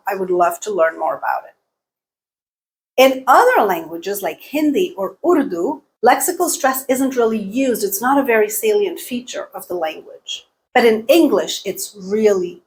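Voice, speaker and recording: A woman presenting an English language lesson to learners, speaking clearly and deliberately and leaning on key words. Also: mid-range voice. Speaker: English teacher.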